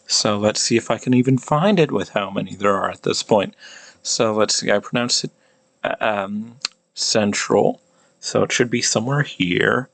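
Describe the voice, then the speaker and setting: A man casually explaining pronunciation, thinking aloud with many halting restarts. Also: lowish voice, creaky, a bit bright, no echo. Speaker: language hobbyist explaining pronunciation.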